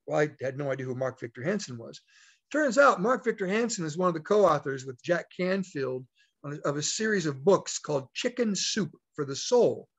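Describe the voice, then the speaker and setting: A man with a slightly high voice leads a motivational talk, telling a personal story in a folksy way. He acts out the lines of the people in it. The audio is dull and lo-fi. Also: lively intonation, normal speed. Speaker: network marketing leader.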